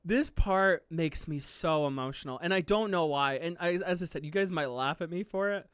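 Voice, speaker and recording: Smooth-voiced excitable streamer, dry close sound. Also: mid-range voice, moderate pace, no echo. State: near tears with emotion. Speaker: streamer reacting to an anime. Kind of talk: casual live-stream chat.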